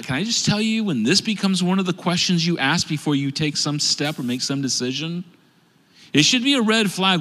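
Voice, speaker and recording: A middle-aged male pastor delivers a sermon, shifting into playful acted quotes as he tells stories. His voice is bright and a little high. It rings with the long reverb of a large church hall. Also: fairly quick. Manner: animated storytelling with acted quotes. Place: church auditorium stage.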